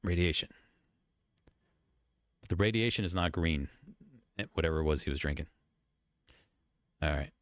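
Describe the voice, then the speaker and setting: A man giving casual reaction commentary as a YouTube commentator, chatty and animated. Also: extremely low pitch, normal speed, pauses often, dry recording, clean studio sound. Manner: animated, chatty, breaking into laughs and voices.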